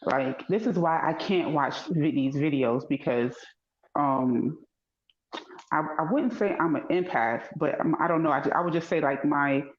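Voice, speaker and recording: Animated woman telling a story, echoey room. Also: normal speed, muffled recording. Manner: animated storytelling, acts out dialogue in high voice. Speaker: podcast co-host. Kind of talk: casual chat.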